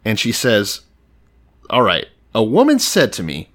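A husky-voiced man in his thirties retells a story in a loose comedic chat. His mid-range voice swings widely in pitch as he delivers dry, deadpan lines laced with swearing. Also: a little slow. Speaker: podcast co-host.

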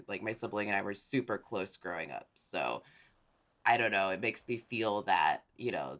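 A man's voice: on the low side, fairly bright tone. A man co-hosting a casual podcast chat, enthusiastic and rambling, with lots of fillers. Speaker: podcast co-host.

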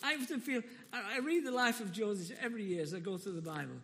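A man preaching a sermon in a church, emphatic and animated, often breaking into laughs. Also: high voice, fast. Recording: long reverb of a large hall.

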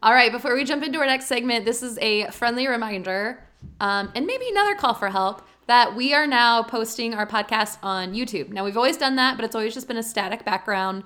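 A woman's voice: on the high side, animated, a little fast, bright, forceful tone. A woman co-hosting a podcast in casual chat who laughs often and makes earnest requests to listeners. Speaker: podcast co-host.

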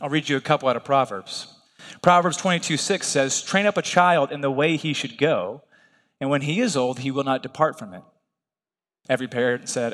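A man preaching a sermon as pastor in a relaxed, conversational, folksy way, often checking in with his listeners. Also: mid-range voice, fairly quick, in a large hall.

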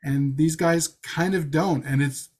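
A man's voice: fairly high pitch, steady tone, unhurried, darkish tone. A man co-hosting a podcast, giving wry, thoughtful film criticism in casual chat. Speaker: podcast co-host reviewing a film.

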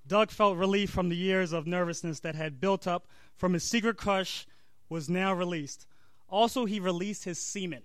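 A comedian reading a crude comic story aloud on stage, laughing and breaking off for asides. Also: male voice, sits high, moderate pace, no echo.

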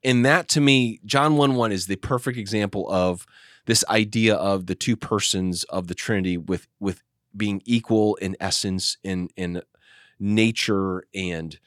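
Low-voiced pastor explaining scripture. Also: male voice, unhurried, dry recording, studio quality. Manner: explanatory, animated, with frequent restarts. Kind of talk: teaching discussion.

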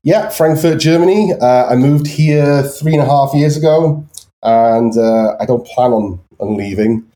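Guest: man, anglicized North Welsh accent, warm mellow tone, halting delivery with lots of fillers. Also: medium pitch. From Wales. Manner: hesitant, many ums and restarts. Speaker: guest artist. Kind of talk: casual chat.

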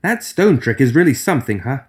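A small, mouse-like young woman from a storybook who rambles eagerly and nervously, as a male narrator puts her on. Her voice sits well above his usual low tone and skips along in quick, fidgety bursts. The talk is plain and close. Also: very animated, natural voice. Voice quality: mouse-like, high voice.

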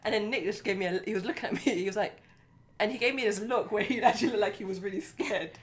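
A woman co-hosting a podcast, chatting casually and rambling as she recounts events. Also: medium pitch. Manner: fast, rambling, breaks off and restarts. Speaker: podcast co-host. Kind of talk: casual chat.

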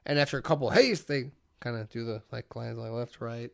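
A man's voice: medium pitch, fast, vocal fry, no room sound, clean studio sound. A man co-hosting a podcast who chats casually and animatedly, acting out the voices in his stories. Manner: animated, acts out quoted voices. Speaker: podcast co-host. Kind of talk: casual chat.

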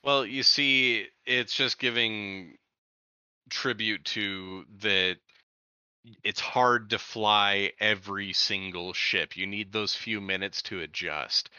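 An enthusiastic man with a fairly low, very bright voice talks through a casual film discussion and often laughs between points. His voice sounds dry and a bit dull on a lo-fi recording. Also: fairly even intonation, takes it slowly, smooth, no room sound.

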